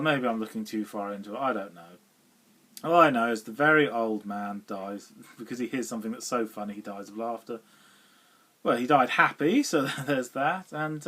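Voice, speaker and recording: A man's voice: mid-range voice, a bit bright. Rambling, chatty middle-aged man. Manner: rambling and chatty, full of "you know" and small laughs. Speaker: film reviewer. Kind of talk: casual spoken film review.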